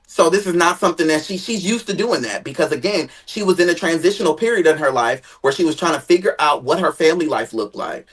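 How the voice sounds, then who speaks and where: A guest chatting casually about family drama, animated, jumping into high dramatic tones and swearing freely. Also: fast, hardly any pauses, husky. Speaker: guest sharing family stories. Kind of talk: casual gossip chat.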